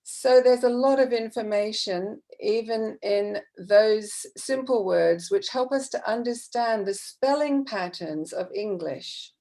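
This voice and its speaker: Slow, patient woman teacher trainer. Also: on the high side, dark tone. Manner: patient, slow, explanatory, with many fillers. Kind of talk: online teacher-training talk.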